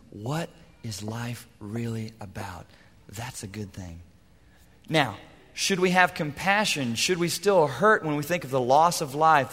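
Pastor guy preaching, bright sharp voice, kinda high, loud then hushed, echoing church hall. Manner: dynamic preaching, swings from loud emphasis to hushed asides. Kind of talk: sermon.

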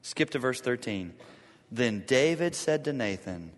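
Dramatic preacher with big swings in a hall. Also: male voice, medium pitch, animated, measured pace. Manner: dramatic swings from loud to hushed. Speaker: pastor. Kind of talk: sermon.

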